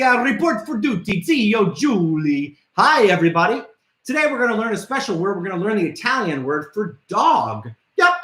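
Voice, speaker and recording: Brief: man hosting a kids' show, bright forceful voice, swoops up and down, echoey room. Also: high-pitched. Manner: playful, theatrical, calls out to viewers. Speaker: kids' trivia show host. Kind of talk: upbeat live show for children.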